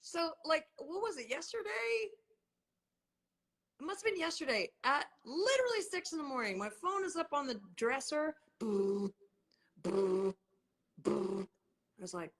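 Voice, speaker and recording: Fifties woman host, bright and lively, swears freely, on a video call. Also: moderate pace. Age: 50s. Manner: animated, swears freely, big swings in pitch. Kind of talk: casual livestream chat.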